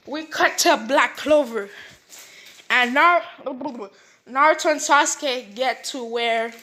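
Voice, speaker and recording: Bright-voiced young woman, rambling fan story. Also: fairly high pitch. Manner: rambling with many fillers, slips into quick character voices. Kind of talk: casual fan-fiction retelling.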